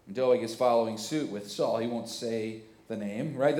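A male pastor with a hoarse, cracking voice preaching a sermon, animated and conversational, with many rhetorical questions. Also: medium pitch, normal speed, hardly any pauses. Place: church. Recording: echoey church hall.

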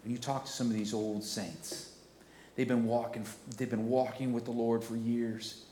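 A man's voice: medium pitch, level tone, moderate pace, slight background noise. Pastor, male, 40s, mid-range voice, sermon with emphatic swells, reverberant church room. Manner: preaching with swells into loud emphatic passages. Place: church sanctuary.

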